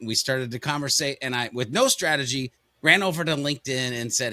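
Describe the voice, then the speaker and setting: American guy hosting a podcast, excited and chatty, bright punchy voice. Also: medium pitch, normal speed, no room sound. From United States. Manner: upbeat, enthusiastic, folksy. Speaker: podcast host. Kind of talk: casual podcast chat.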